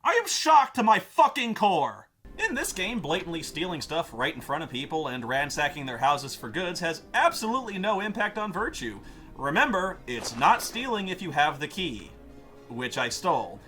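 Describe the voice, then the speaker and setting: A man's voice: a little high, big pitch swings, normal speed, sharp tone, faint music behind. A man narrating a comedic game review in a ranting, sarcastic, profane manner.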